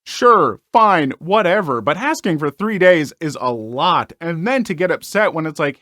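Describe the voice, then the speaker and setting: A man hosting a story channel, reading online stories aloud and commenting on them in an animated, exclaiming way with frequent filler words. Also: a little high, measured pace, few pauses, no echo, clean studio sound.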